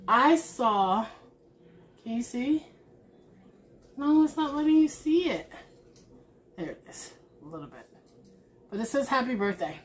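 A woman chatting casually to her viewers while opening craft mail, gushing and excited, and a mother. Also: high-pitched, slow pace, pauses often. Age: adult with a son. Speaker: crafting vlogger. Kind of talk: casual unboxing chat.

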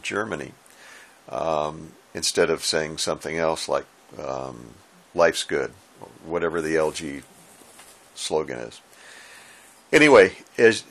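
Low-voiced guy explaining radio stuff from his shack, easygoing, bit of dry humor. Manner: relaxed and folksy, with dry asides. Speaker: ham radio operator and instructor. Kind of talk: casual how-to explainer. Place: home radio room.

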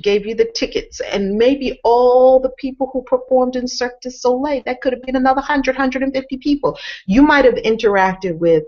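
A woman's voice: medium pitch, highs cut off. A woman hosting an inspirational morning talk, telling an imagined story in the second person and calling on listeners to stay with her. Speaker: motivational speaker and show host.

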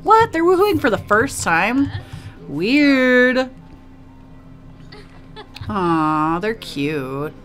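Chatty woman with a lively, expressive voice. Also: a little high, drawn-out words, pauses often, soft background music. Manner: chatty, emotive, cooing at characters. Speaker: gaming video host. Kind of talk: casual let's play commentary.

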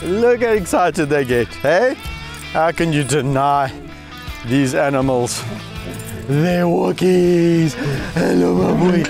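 A man hosting a wildlife channel, talking excitedly outdoors while walking with lions, laughing often and calling out to them. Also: a little high, slow pace, creaky, music in the background. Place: outdoors in the bush on a walk with lions.

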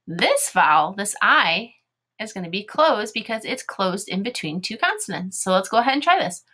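A woman's voice: medium pitch, sing-song, moderate pace, pushed and bright. A woman teaching a phonics video lesson, sounding out letters and syllables one by one and asking her young learners encouraging questions.

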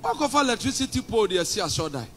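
A male pastor with a Ghanaian accent preaching a combative sermon, shouting and sliding into sing-song phrases. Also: high voice, big pitch swings, racing, faint music behind. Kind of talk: fiery sermon.

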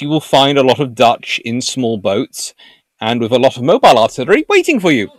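Guy doing a history livestream, super lively up and down voice, dry close mic, jokey. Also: mid-range voice, a little fast, no echo. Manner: animated and jokey, puts on silly voices for nations. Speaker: naval history livestream host. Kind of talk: live stream talk answering chat.

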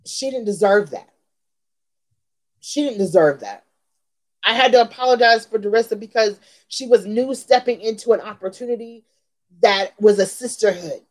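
A woman's voice: medium pitch, poor audio. A woman in her forties hosting her own channel, telling a heated story with emphatic repetition. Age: 40s. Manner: heated, emphatic, repeats lines for effect. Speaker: beauty channel host. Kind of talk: venting storytime vlog.

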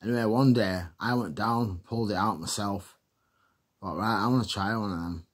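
Husky man telling stories. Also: on the low side, steady tone, moderate pace. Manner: chatty, laughs often, frequent fillers. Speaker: vlogger. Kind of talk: casual rambling storytelling.

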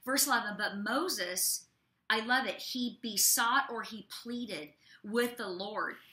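A woman prophet co-hosting a ministry show, teaching from the Bible in an expressive way with folksy asides to her listeners. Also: a little high, slow. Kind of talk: animated preaching and Bible teaching. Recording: echoey room.

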